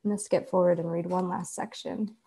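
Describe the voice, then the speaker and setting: A woman author reading her own fiction aloud in a measured, deliberate way. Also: fairly low pitch, level tone, gravelly, warm tone. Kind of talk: literary reading.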